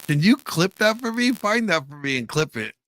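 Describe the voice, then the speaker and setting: A man's voice: high voice, very animated, sharp tone. A man hosting a live stream, chatting loosely with plenty of fillers and restarts. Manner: loose, halting, many fillers. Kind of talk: casual chat.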